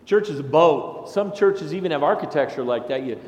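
A man's voice: on the high side, brisk. Man preaching in an echoey sanctuary. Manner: conversational and anecdotal, with animated asides. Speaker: pastor. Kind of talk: sermon. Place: large church sanctuary. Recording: echoey sanctuary with long reverb.

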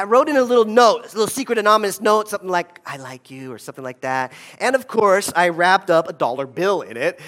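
A man with a high-pitched, fairly bright voice gives a conversational storytelling talk, frequently checking in with his audience by asking "right?".

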